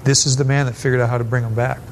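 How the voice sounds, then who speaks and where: An older man in his seventies preaches a sermon in a blunt, storytelling way, his voice sitting at a plain middle pitch. He tosses in quick asides and lifts his voice for emphasis. A faint noise hums under the recording. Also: level tone. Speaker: pastor.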